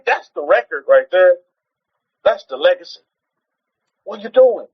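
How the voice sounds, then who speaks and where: A man's voice: high voice, animated, normal speed, pauses often, slightly rough, muffled recording. A man preaching in an informal teaching style on a livestream, exhorting his listeners, repeating rhetorical questions and often restarting his sentences.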